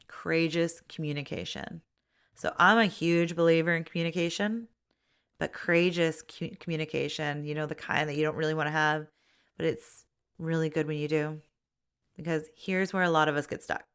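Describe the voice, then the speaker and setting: A woman coaching listeners through self-help steps, speaking gently and straight to them, sometimes acting out their self-talk. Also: fairly low pitch, vocal fry. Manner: acts out inner voices and self-talk in quotes. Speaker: life coach.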